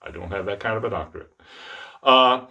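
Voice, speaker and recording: Relaxed low-voiced male trombone teacher. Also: a little fast. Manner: relaxed, self-deprecating, speaks out articulation syllables. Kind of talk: instructional demonstration.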